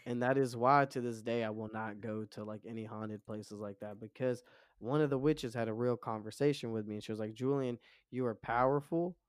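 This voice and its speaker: A man in his twenties, a podcast guest, telling a wild story in a casual, profane and animated way. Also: medium pitch, a little fast, no echo, studio quality. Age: 20s.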